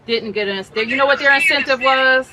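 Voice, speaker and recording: A woman's voice: high-pitched, fast, pushed and bright, slight background noise, poor audio. A woman interviewing a man in a heated debate, earnest and persuasive.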